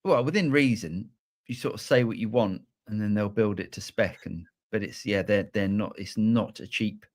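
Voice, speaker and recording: A man's voice: lowish voice, normal speed. A man co-hosting a live show, talking in a rambling way with many restarts. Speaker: co-host. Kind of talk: casual live show chat.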